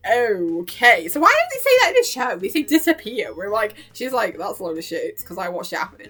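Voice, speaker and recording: A woman casually recapping a cartoon episode in an excited, gushing way, swearing freely and squealing out the characters' lines. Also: mid-range voice. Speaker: vlogger reacting to a cartoon.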